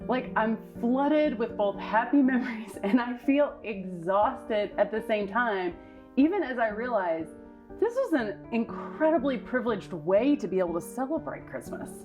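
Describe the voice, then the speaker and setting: Texan woman vlog co-host, animated, light laughter, music bed behind. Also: a little high, normal speed. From United States. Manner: laughs often, lively listing. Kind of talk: casual chat.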